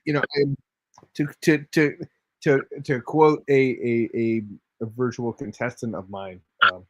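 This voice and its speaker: A man's voice: medium pitch, a little slow, no echo. A man hosting a casual live-stream chat, joking around and reading chat messages aloud. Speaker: host.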